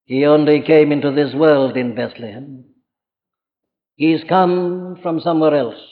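A Welsh-accented man preaches a sermon earnestly and emphatically, speaking directly to his listeners in a fairly high, unhurried voice. The dull lo-fi archive recording has a long reverb tail.

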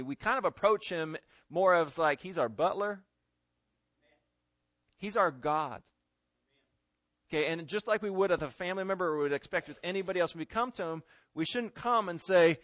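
A pastor preaching a sermon and reading scripture, swinging between loud emphatic stress and hushed pleading. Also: male voice, high voice, moderate pace, pauses often, dry recording.

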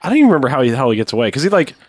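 A man in a casual movie-recap chat, telling the plot in a relaxed way. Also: mid-range voice, very fast, no room sound.

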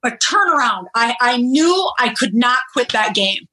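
A middle-aged woman, a guest on a podcast, telling stories in a lively way and laughing often. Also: on the high side, measured pace, poor audio. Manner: animated storyteller, laughs often. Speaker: guest, former reality show contestant. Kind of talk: casual podcast interview.

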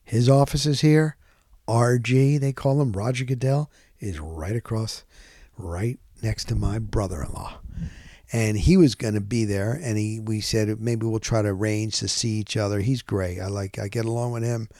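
A middle-aged man hosting a podcast, telling a rambling story in a casual, animated way and often correcting himself. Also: on the low side, normal speed, no echo, studio quality. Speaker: podcast host.

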